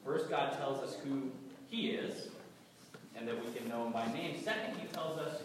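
A man from New England with a New England accent and a cold, preaching a sermon in a conversational, gently humorous way and sometimes repeating his words. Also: medium pitch, normal speed. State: has a cold. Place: large church hall. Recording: echoey hall from far off, audible noise.

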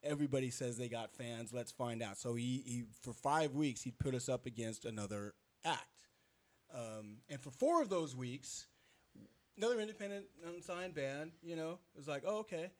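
A band member chatting in an interview, telling stories with lots of restarts. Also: male voice, medium pitch, normal speed, darkish tone. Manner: rambling storyteller with restarts. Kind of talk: casual interview talk.

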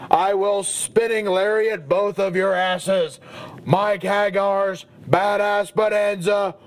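A man playing a gruff, hot-tempered middle-aged brawler who hosts a podcast, talking with crude, profane macho bluster. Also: sits high, fairly even intonation, slow pace. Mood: furious. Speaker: comedy podcast host in character. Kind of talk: comedic character monologue.

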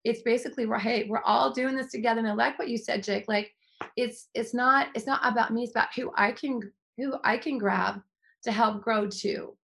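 A woman's voice: on the high side, steady tone, moderate pace, creaky, a bit bright. A woman hosting a faith-based podcast, speaking earnestly and effusively with frequent restarts. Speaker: host.

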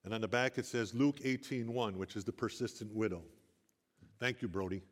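A man's voice: fairly low pitch, fairly quick. Older man preaching in a reverberant hall. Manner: earnest, storytelling, rising emphasis. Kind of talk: sermon.

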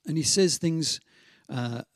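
A man preaching a sermon in a conversational storytelling way, slowing down to stress scripture references. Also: on the high side, dry recording, studio quality. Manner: conversational storytelling with frequent fillers and restarts.

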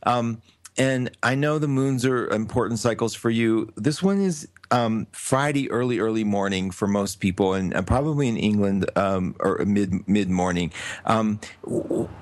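A man's voice: fairly low pitch, no echo. Effusive male radio host, dry sound. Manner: chatty and effusive, quick laughs. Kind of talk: live call-in radio chat.

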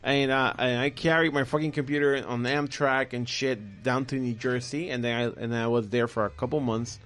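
A man's voice: medium pitch, fairly even intonation, normal speed, fairly bright tone. Rambling, profane man telling stories. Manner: profane, rambling, acts out quoted voices. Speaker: podcast guest telling stories. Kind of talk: casual storytelling chat.

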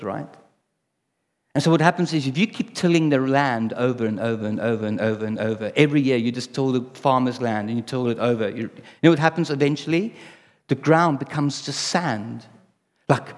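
A man preaching a sermon in a conversational way, often asking the audience rhetorical questions. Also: mid-range voice. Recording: long reverb in a hall.

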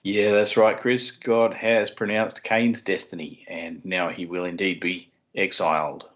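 A man's voice: low voice, steady tone, a little slow, fairly bright tone. A man co-hosting a podcast, explaining scripture in a casual way with dry little puns. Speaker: podcast co-host. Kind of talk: casual chat and Bible teaching. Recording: dull lo-fi sound.

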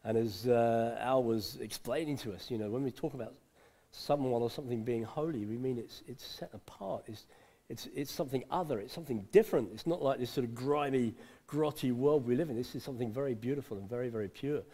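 A man's voice: mid-range voice, brisk, dark tone. Chatty preacher man. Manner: conversational, repeats words for emphasis, chuckles often. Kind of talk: informal sermon.

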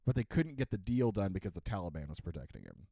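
A man co-hosting a podcast, talking in a sarcastic, ranting way, full of "like" and restarts. His pitch swings widely as he gets worked up. The sound is dry and close, with no room echo. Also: fast. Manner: animated, sarcastic, many fillers and restarts. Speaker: podcast co-host. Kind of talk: casual ranting chat.

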